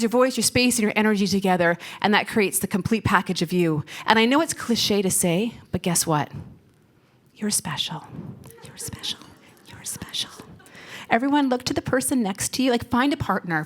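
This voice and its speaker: A woman giving a conference keynote on stage, telling stories playfully, laughing often and talking directly to the audience. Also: mid-range voice. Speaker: keynote speaker. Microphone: stage microphone.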